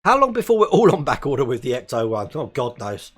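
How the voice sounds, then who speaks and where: A man's voice: mid-range voice, sing-song, fast, husky. A man in his forties from England, hosting a live stream and chatting casually while reading viewer comments, laughing often. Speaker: host.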